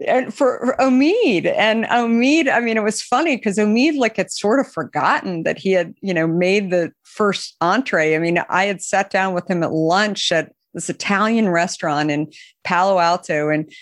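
A woman founder being interviewed, who tells long anecdotes full of fillers and restarts and raises her pitch when she quotes other people. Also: moderate pace, dry recording, clean studio sound. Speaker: company founder, guest. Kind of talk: interview storytelling.

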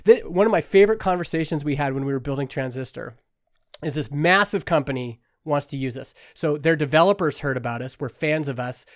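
Lively founder telling stories, dry sound. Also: male voice, a little high, no echo. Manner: animated, acts out the people in his stories. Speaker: software company founder, guest. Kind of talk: casual interview storytelling.

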